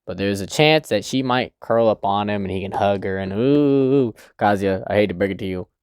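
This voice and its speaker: A man's voice: on the low side, steady tone, brisk, smooth, no echo, clean studio sound. A man hosting a manga review channel, chatting casually with his viewers, swearing freely and laughing often. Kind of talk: casual commentary to chat.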